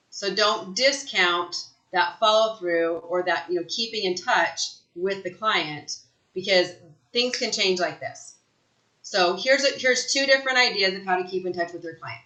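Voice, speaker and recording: A woman giving an energetic sales training talk, emphatic and fond of asking "right?" after her points. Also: medium pitch, unhurried, reverberant, poor audio. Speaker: real estate sales trainer. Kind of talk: live online training talk.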